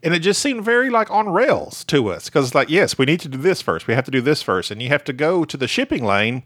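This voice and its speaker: A man's voice: fairly high pitch, very animated, fast, fairly bright tone, dry recording, clean studio sound. A man with a Southern US accent co-hosting a casual chat, rambling and laughing often. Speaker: podcast co-host.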